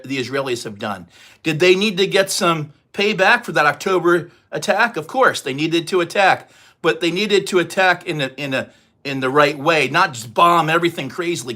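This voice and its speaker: A man's voice: a little high, normal speed, sharp tone. A man in his sixties from the United States, hosting a casual livestream, talking to the chat in a rambling, repetitive way that turns heated and emphatic. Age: 60s. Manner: rambling, repeats himself, gets heated and emphatic. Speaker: livestream host.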